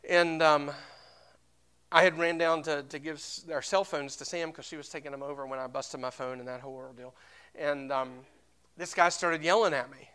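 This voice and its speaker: Impassioned male pastor with a bright voice. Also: fairly high pitch, fairly even intonation, moderate pace, clean tone. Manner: impassioned, rising to loud emphatic peaks, asks congregation for amens; storytelling with repeated restarts. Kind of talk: sermon.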